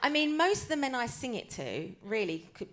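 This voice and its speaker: A woman's voice: fairly high pitch, big pitch swings, normal speed, a crowd in the background. Cockney woman telling wry stage stories. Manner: chatty, self-mocking, wry. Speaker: comedian and tribute performer. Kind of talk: live stand-up storytelling. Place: live cabaret stage.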